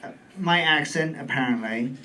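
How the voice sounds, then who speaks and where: A British man in his forties performing a stand-up comedy set on a club stage, camp and playful with deadpan asides. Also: on the high side, moderate pace. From United Kingdom. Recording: distant mic in comedy club, faint room noise.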